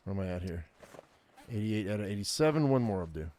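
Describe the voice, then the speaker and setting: A man's voice: lowish voice, animated, fast, dark tone, slight background noise. A man giving casual gameplay commentary, muttering his thoughts aloud and making chatty asides to viewers.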